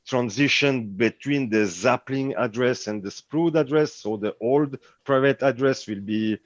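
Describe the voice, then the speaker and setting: A man's voice: mid-range voice, measured pace, no room sound, lo-fi sound. A man with a French accent giving a project update in an online community meeting, hesitant and searching for words. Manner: hesitant, many fillers and restarts, searching for words.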